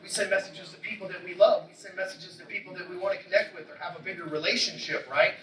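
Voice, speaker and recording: A man's voice: sits high, fast talker, noisy background. A man giving a brash, profane motivational sales talk from a stage, swearing constantly and hitting his points hard. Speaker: keynote speaker. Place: event stage before a live audience. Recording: roomy hall, mic from a distance, crowd.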